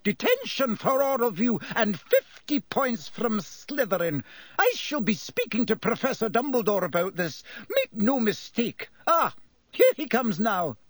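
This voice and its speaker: Audiobook figure: a man doing a stern, furious older schoolmistress, high and clipped, dry close sound. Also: huge pitch swings, unhurried, no echo, exaggerated voice. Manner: shouting, clipped and scolding.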